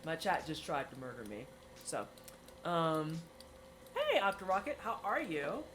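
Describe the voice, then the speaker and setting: Giggly woman streamer, lively voice. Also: deep voice, measured pace, slight background noise. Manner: giggly, exclaiming, teasing chat. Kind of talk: casual livestream chat while baking.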